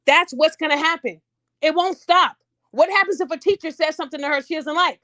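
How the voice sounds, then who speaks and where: A woman's voice: high voice, brisk. A woman hosting a podcast, chatting casually and animatedly to her audience. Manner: animated, talks to audience, acts out voices. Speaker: podcast host. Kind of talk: casual commentary.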